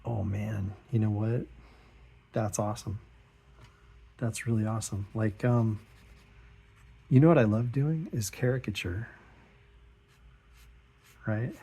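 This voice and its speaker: Gravelly-voiced man chatting while he draws. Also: fairly even intonation, slow pace, pauses often, warm tone. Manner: rambling, self-deprecating, chuckles often; acts out quoted remarks in a higher voice. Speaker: art channel host. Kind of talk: relaxed chat while drawing.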